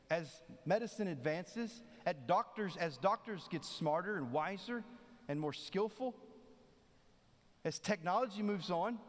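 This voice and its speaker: A man preaching a sermon in a conversational way, acting out the voices of the people he quotes. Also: high voice. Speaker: pastor. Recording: long hall reverb.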